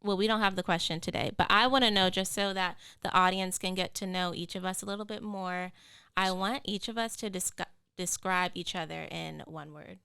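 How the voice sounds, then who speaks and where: A woman's voice: fairly low pitch, steady tone, fairly quick, vocal fry, pushed and bright, smooth, no echo. A young woman co-hosting a casual group podcast as a real estate agent, explaining the show to listeners in an upbeat way. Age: young adult.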